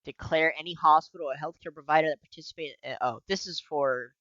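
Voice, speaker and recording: Bright-voiced man, profane podcast talk. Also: a little high, a little fast, no echo, dull audio. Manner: profane, animated, laughs often. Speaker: podcast co-host. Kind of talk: casual political podcast chat.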